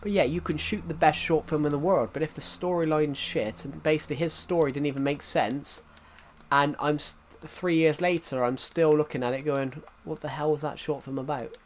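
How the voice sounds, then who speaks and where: A man's voice: fairly high pitch, moderate pace, a little hiss or hum. A young man chatting casually on a gaming stream, rambling with many restarts as he talks to his viewers. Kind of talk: casual live-stream chat.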